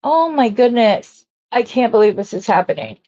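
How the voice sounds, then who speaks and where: A woman's voice: a little high, animated, moderate pace, dark tone, lo-fi sound. A woman hosting a jewelry-making live stream, chatting casually and rambling as she greets viewers and works.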